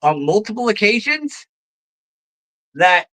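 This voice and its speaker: A host tears into politics in a bright, cutting voice, swearing freely and throwing out sarcastic rhetorical questions. The delivery is a heated, one-sided rant. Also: mid-range voice, sing-song, slow, rough recording. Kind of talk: ranting political commentary.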